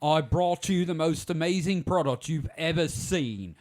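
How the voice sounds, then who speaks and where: A man putting on the voice of an overexcited infomercial pitchman, exclaiming as he hard-sells. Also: lively intonation, measured pace, darkish tone. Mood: hyped.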